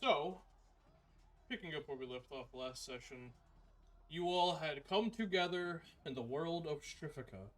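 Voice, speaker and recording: A man with a bright, clear voice narrates as game master of a tabletop game. He speaks slowly and deliberately, pausing often with fillers as he recaps the story. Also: a little high, animated. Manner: measured, halting narration with fillers.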